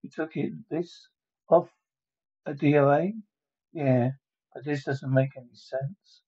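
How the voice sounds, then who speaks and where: A man's voice: on the high side, fairly even intonation, takes it slowly, mellow, slightly rough, lo-fi sound. A man reading a whole movie script aloud alone, voicing every part and calling out the sound effects himself. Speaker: solo reader of a movie script. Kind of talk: one-man dramatic script reading with spoken sound cues.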